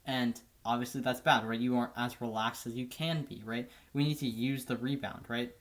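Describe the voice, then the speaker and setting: A man teaching drum technique in a relaxed, casual way, often checking in with "right?". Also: mid-range voice, moderate pace, slight background noise. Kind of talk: casual instructional explanation.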